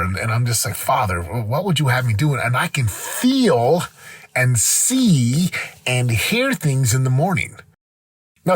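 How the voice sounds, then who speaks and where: A man's voice: medium pitch, slightly rough, dry recording. A man hosting a motivational podcast, telling a personal story in an earnest, rambling way with many restarts. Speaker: podcast host.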